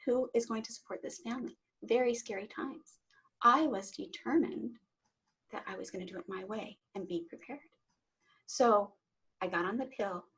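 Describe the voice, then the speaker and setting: On an interview show, a middle-aged Reiki teacher earnestly relates her personal story in conversation, often repeating words as a sentence begins. She has a husky, medium-pitched voice with a fairly bright tone, and the recording quality is low.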